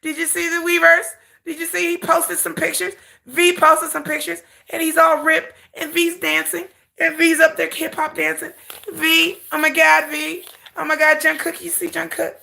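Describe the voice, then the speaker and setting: A woman imitating a breathless, gushing female fan who squeals with excitement. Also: extremely high pitch, moderate pace, vocal fry, pitched above the performer's own voice, exaggerated voice.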